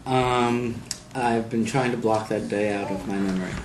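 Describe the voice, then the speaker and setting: In a casual interview at home, a young groom-to-be shares wry, self-mocking stories about his future in-laws. His voice is lowish and steady at a moderate pace, captured by a home video camera in an apartment room that sounds roomy with faint noise.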